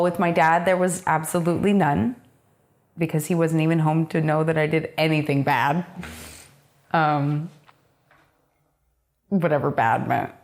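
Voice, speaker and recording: A young woman speaks in a low, gravelly voice, telling her own story in an interview. Her talk is casual and frank, full of fillers and the odd swear word. She acts out what others said to her along the way. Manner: candid, emotional storytelling, acts out quoted voices. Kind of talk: personal life story interview.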